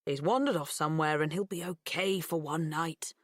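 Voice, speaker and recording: A woman doing a warm, reassuring dad. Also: sits low, moderate pace, dry recording, clean studio sound. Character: caring, reassuring middle-aged father.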